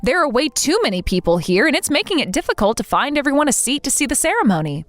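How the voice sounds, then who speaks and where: Indignant young bride, voiced by a woman, exasperated, demanding, high lively voice, soft music behind. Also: fast, no echo. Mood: vindicated. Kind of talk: text-message story voice acting.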